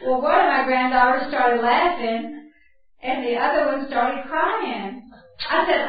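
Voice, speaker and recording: A woman's voice: high-pitched, unhurried. An older woman giving a Bible camp teaching talk in a folksy, chatty way, breaking off to laugh at her own stories. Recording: very echoey hall, distant and dull.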